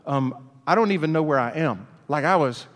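A man from Alabama, preaching a storytelling sermon in a folksy, animated way. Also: on the high side, moderate pace. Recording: long hall reverb.

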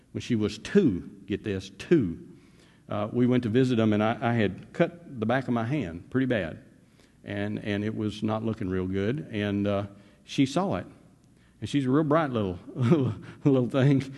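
An older man preaching a sermon, telling folksy family stories and moving between quiet asides and loud urging. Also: fairly low pitch, big-room sound. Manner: folksy storytelling, swings from soft asides to loud exhortation. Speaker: pastor.

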